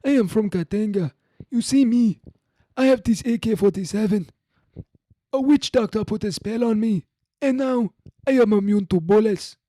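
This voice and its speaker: A man doing a comic put-on voice of a boastful male militia fighter, loud and menacing. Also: high voice, moderate pace, long pauses, dry recording, voice pushed up. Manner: loud, bragging, menacing declarations.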